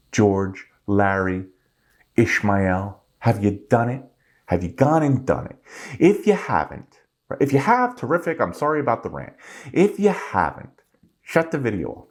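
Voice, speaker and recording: A middle-aged man delivers a vlog rant in an animated, exasperated tone. His pitch swings wildly from low grumbles to high outbursts, and he fires rhetorical questions at viewers he names one by one. His voice sits in the middle of a man's pitch range. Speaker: finance channel host. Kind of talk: ranting vlog monologue.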